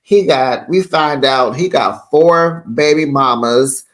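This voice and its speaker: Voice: medium pitch, slow pace. A reality TV recap host giving casual, sassy commentary in a chatty way, acting out quotes.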